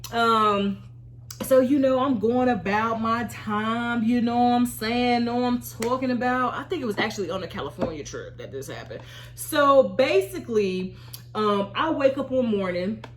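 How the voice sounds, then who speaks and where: Animated, high-voiced storytelling woman. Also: unhurried. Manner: animated, expressive, acts out her own reactions. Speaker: YouTuber and Army veteran. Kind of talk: storytime vlog.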